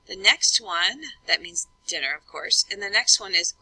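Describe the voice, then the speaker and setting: A woman teacher explaining a lesson at an unhurried pace, spelling out letters one by one. Her voice is husky and bright, with a sharp edge. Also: on the low side, no echo, rough recording. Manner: slow, deliberate spelling out of letters. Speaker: French teacher.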